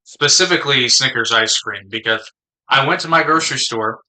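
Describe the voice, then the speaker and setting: A man's voice: mid-range voice, fairly quick, pushed and bright, rough recording. A man co-hosting a podcast in casual, laid-back, jokey chat. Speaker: podcast co-host.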